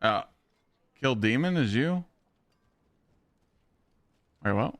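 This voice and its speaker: A man's voice: mid-range voice, expressive, extremely slow, no room sound. A young man live-streaming a game, chatting casually in a rambling, profane way and answering viewers' questions. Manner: profane, rambling, reads chat aloud.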